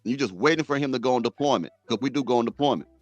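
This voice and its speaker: A man's voice: mid-range voice, racing, no echo, dull audio, soft background music. A middle-aged man hosting a reaction commentary, blunt and preachy, repeating himself for emphasis. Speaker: host.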